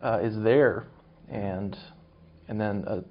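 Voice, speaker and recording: A man speaking as an interview guest, measured and academic, thinking aloud as he explains. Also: lowish voice, slight background noise. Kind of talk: conversational interview. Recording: dull lo-fi recording.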